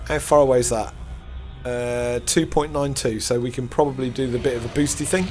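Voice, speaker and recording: A man's voice: mid-range voice, steady tone, a little fast, music in the background. A middle-aged man giving casual, rambling commentary while playing a space game, often laughing at himself. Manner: rambling, self-deprecating, chuckles to himself. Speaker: gaming channel host.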